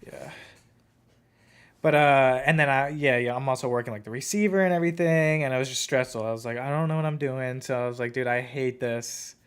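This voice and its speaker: A man's voice: mid-range voice, fairly quick, smooth. A young man hosting a podcast, telling a rambling story in casual chat with lots of fillers. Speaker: podcast host.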